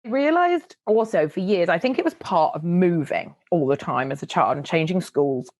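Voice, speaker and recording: A middle-aged woman, telling stories as a podcast guest in an animated, chatty way. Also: on the low side, normal speed, no echo. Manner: animated, chatty storytelling with frequent laughs. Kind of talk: casual interview chat.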